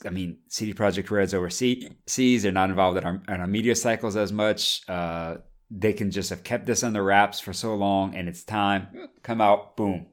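Very deep-voiced man chatting about games. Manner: relaxed, trails off with fillers. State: has the hiccups. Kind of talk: casual gaming discussion.

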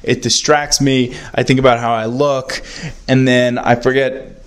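A man's voice: mid-range voice, flat delivery, a little slow, smooth. A young man hosting his own podcast, rambling and self-mocking as he talks into a handheld voice recorder indoors at a friend's house. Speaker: podcast host. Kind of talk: casual solo podcast rant.

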